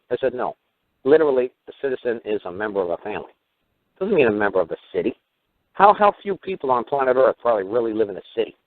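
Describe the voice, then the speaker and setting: A man hosting a call-in radio show, talking in a rambling way and acting out little dialogues with sudden jumps in pitch. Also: big pitch swings, fast, no room sound. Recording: tinny phone-like radio audio.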